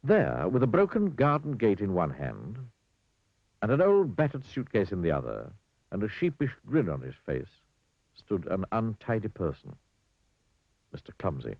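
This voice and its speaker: Brief: low husky storyteller, very lively reading, dull dry lo-fi sound. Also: male voice, moderate pace, no echo. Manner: dry, wry storybook delivery.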